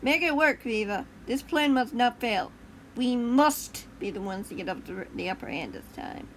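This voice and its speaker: Gruff bossy villain king, as a woman reads him. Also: extremely high pitch, expressive, normal speed, slight background noise, rough recording. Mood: demanding. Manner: demanding, barking orders.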